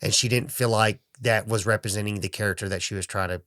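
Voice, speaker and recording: A man's voice: fairly low pitch, fairly even intonation, fast talker, fairly bright tone, no room sound, studio quality. A young man co-hosting a podcast, recapping a horror film in casual chat with lots of fillers and restarts. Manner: rambling, many fillers and restarts. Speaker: podcast co-host.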